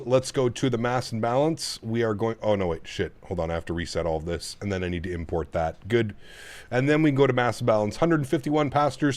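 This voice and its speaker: A man streaming a flight simulator, chatting casually and thinking aloud as he sets up a flight at his home sim setup. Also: medium pitch. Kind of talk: casual live-stream chat.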